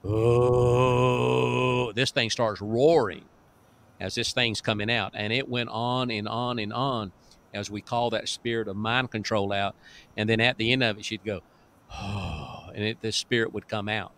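Chuckling low-voiced male pastor. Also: fairly even intonation, normal speed, fairly bright tone. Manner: folksy, chuckling, emphatic storyteller. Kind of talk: deliverance preaching, storytelling.

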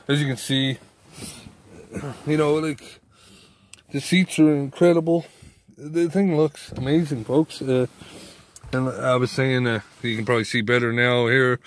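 A man's voice: mid-range voice, no echo. A middle-aged man vlogging casually outdoors, rambling with lots of fillers and calling his viewers folks. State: out of breath. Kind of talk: casual vlog narration. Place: outdoors in snow. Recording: faint outdoor noise. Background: outdoor ambience, vehicle noise.

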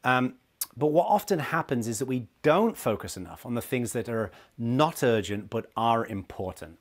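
Talking to camera, a middle-aged man who works as a leadership consultant teaches a casual lesson with animated energy, voicing the people he quotes. He has a lowish voice.

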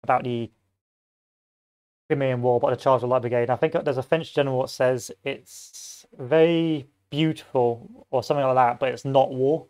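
A man's voice: mid-range voice, steady tone, normal speed, a little mellow, clear, resonant tone. A man giving casual gameplay commentary, rambling off into history tangents and joking asides. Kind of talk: casual let's-play commentary.

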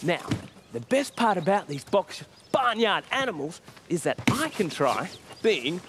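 High-voiced playful man. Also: moderate pace, noisy background. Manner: animated, playful, makes animal noises. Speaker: children's TV presenter. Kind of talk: upbeat presenting for young children.

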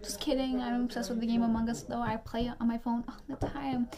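A young woman with a slightly high voice chats her way through a makeup tutorial. She rambles and rants with playful mock outrage. A crowd murmurs clearly behind her. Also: little pitch movement, fast talker. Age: young adult. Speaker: beauty vlogger. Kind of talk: chatty makeup tutorial rant.

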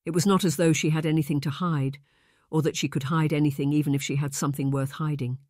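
A man reading a historical romance audiobook aloud in a calm, even storytelling manner. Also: on the high side, fast talker, no room sound, clean studio sound. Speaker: audiobook narrator. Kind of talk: audiobook narration.

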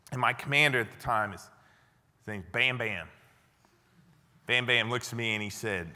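A man's voice: medium pitch, normal speed, pauses often. A man, a former army interrogator, telling stories to an audience in a lecture hall and acting out the dialogue. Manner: animated, acts out dialogue. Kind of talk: storytelling lecture.

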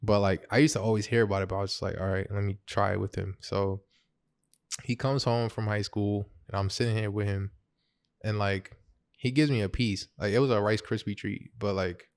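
A podcast host chatting casually, relaxed and a little hesitant, with restarts as they tell a story. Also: low-pitched, brisk, dry recording, clean studio sound. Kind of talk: casual chat.

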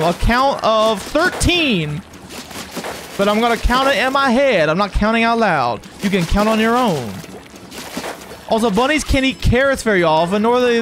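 A game streamer giving excitable, chatty live commentary on a match and talking to viewers in chat. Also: medium pitch, background noise. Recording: game music playing behind the voice.

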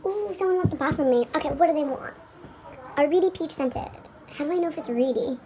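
A woman's voice: sits high, a little fast, mellow, a little hiss or hum, pitched above the performer's own voice, lightly acted. A woman playing a careless, lazy girl who sells squishies, shrugging things off and talking to herself. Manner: offhand, shrugging, talks to herself.

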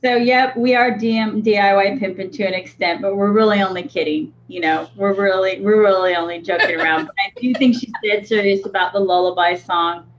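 A woman's voice: mid-range voice, fairly quick, hardly any pauses. A woman co-hosting a livestream in casual chat, teasing and playful. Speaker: co-host of a vaping livestream. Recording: dull lo-fi audio with faint noise.

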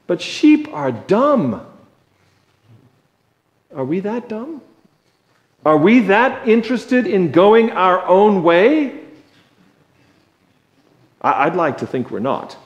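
A male preacher giving a sermon in a conversational, joking way, slow and deliberate, in a church. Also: sits high, darkish tone. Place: church sanctuary. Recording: echoey church sanctuary.

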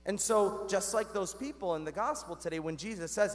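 A man's voice: sits high, a little fast. A man giving a Catholic sermon in a conversational way, talking straight to the congregation and asking them questions. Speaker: Catholic priest. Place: church. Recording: long church reverb.

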